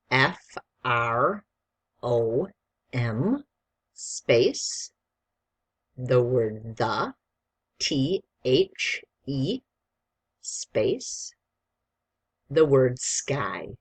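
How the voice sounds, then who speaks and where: A teacher leads a spelling dictation lesson, taking it slowly and deliberately and spelling each word out one letter at a time. The tone stays patient and encouraging toward a young student, with a mid-range voice. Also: medium pitch, slightly rough.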